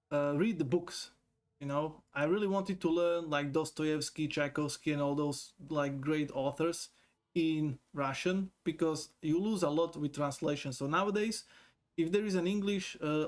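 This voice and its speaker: A man chatting on a live stream in a loose, rambling way, his voice sitting a little high for a man. He swears freely, laughs often and reads viewers' messages aloud from a desk mic. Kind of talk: casual live-stream chat.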